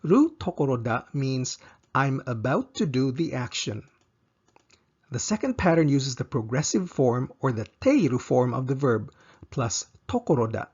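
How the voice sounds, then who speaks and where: A man's voice: mid-range voice, sing-song, measured pace, darkish tone, breathy edge, dull audio. A man teaching a slide-based language lesson, explaining patterns step by step and repeating example sentences.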